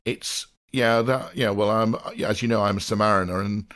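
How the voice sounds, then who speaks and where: A man from the South Coast of England co-hosting a relaxed podcast chat, his voice sitting on the lower side. He rambles and jokes, drifting into asides before finding his way back to the point. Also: normal speed. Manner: rambling, jokey, with playful digressions. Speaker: podcast co-host.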